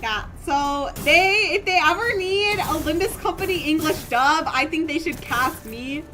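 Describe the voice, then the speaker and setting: A woman from Germany chats playfully through a game stream, joking and reading text aloud. Her voice sits high and bright. Loud game music plays in the background. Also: a little slow. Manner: playful, animated, jokey. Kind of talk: casual gameplay commentary.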